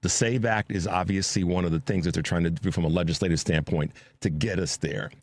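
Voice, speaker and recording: A man's voice: low-pitched, steady tone, brisk, darkish tone, no room sound. A man hosting a political talk show, earnest and emphatic as he makes his points. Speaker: host.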